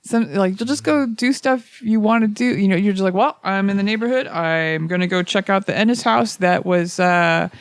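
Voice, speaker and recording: A young adult woman, a comedian guest, telling profane, animated stories in casual chat. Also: mid-range voice, moderate pace, hardly any pauses, smooth, no echo. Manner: profane, animated anecdotes with acted-out quotes. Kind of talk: casual chat, comic storytelling.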